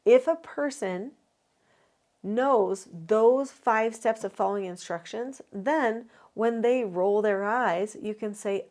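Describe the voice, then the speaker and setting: A woman's voice: mid-range voice, takes it slowly, darkish tone. A woman with a mid-range voice delivers parenting advice as an instructional talk. She lays each point out methodically, counting down numbered tips. Her tone stays earnest and encouraging. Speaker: parenting educator.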